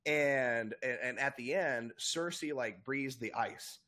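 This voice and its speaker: A young man co-hosting a casual podcast, talking in an excitable, profane rant. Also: medium pitch, slow pace. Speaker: podcast co-host. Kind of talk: casual chat.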